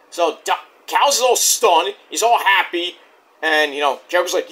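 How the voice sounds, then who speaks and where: A man's voice: high-pitched, expressive, moderate pace, pushed and bright. A man casually recapping a wrestling show, rambling and swearing as he retells each segment. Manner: loose, profane play-by-play retelling; rambling with frequent restarts.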